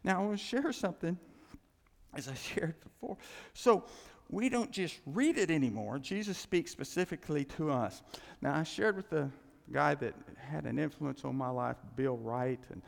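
A man preaching a sermon as pastor, animated, repeating his phrases and acting out quoted thoughts. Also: a little high, normal speed, gravelly. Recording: long hall reverb.

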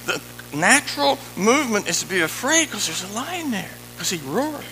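A male preacher with a high, bright voice that swings widely in pitch. His tone is gravelly. He preaches an emphatic sermon, breaking into casual asides to the congregation. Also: sing-song, normal speed, a little hiss or hum, poor audio.

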